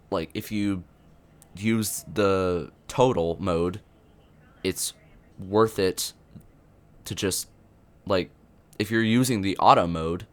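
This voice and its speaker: A young man with a low, deep voice talks through his thoughts on a game update without a script. He rambles, stopping and restarting sentences and leaning on fillers as he goes. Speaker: gaming youtuber. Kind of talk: unscripted commentary.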